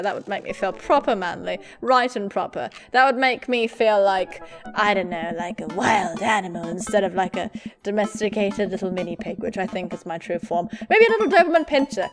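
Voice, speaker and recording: A young woman gaming YouTuber playing a dating game at home, reading the text aloud with giggly, playful commentary and sudden loud squeals. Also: mid-range voice. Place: home room with a pet cat. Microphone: desk mic with face cam.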